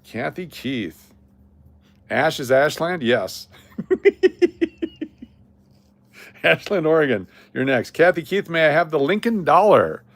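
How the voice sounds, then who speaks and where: A man's voice: medium pitch, no room sound. Man, livestream host, chatty, repeats names, casual giveaway talk, American. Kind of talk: casual live stream chat.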